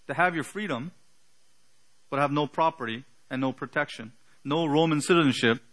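Guy preaching, bright clear voice, earnest teaching tone with lots of pauses. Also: a little high. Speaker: pastor. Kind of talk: sermon.

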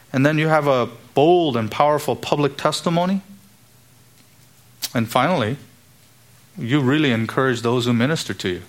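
Man preaching an expository sermon. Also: medium pitch. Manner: expository preaching, rising emphatic when quoting scripture. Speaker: pastor.

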